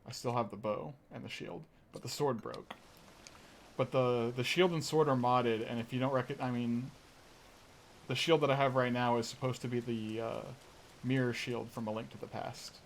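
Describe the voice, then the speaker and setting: A man talking through a modded game on a live stream, loose and rambling, with plenty of "like" and restarts. His voice sits at an ordinary middle pitch, and a faint hiss lies underneath. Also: steady tone, normal speed. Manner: rambling, chatty, many fillers and restarts. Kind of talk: casual live gameplay commentary.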